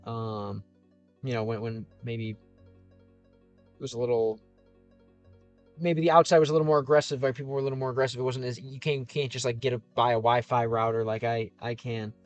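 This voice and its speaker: A man's voice: mid-range voice, fairly even intonation, normal speed, long pauses, lo-fi sound. Rambling male streamer over faint music. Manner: rambling, self-interrupting, easygoing. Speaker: YouTuber streamer. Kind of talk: casual livestream chat reading comments. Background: faint game soundtrack music.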